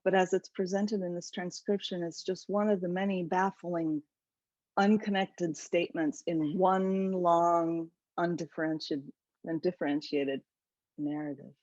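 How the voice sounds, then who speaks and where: Woman author, animated webinar talk, low-ish voice, dull video-call sound. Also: a little slow, dry recording. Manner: animated, enthusiastic storytelling. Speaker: author presenting her book. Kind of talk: webinar lecture.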